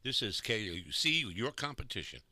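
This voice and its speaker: A man's voice: mid-range voice, moderate pace, no echo. An older man hosting a radio show, telling jokey stories in casual studio chat. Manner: animated storyteller, jokey. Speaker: radio host.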